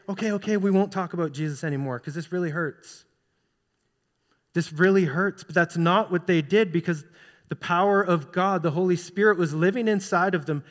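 A man preaching from the pulpit with a high-pitched voice, earnestly pressing rhetorical questions on the congregation. His words ring out with the long reverb of a large hall. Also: a bit bright. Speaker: pastor. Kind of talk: sermon. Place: church sanctuary.

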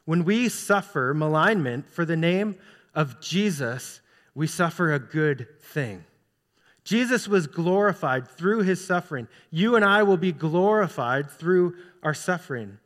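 Male pastor, sermon, high voice, earnest, rhetorical questions to the congregation, long hall reverb. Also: expressive, takes it slowly, fairly bright tone. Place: church sanctuary.

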